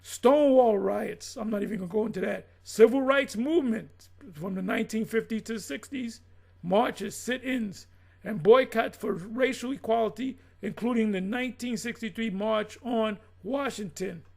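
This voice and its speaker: A middle-aged man with a high, gravelly voice, preaching in a blunt and profane way. He reads lines aloud, then riffs on them and calls out his listeners. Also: normal speed, a little mellow. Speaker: religious teacher.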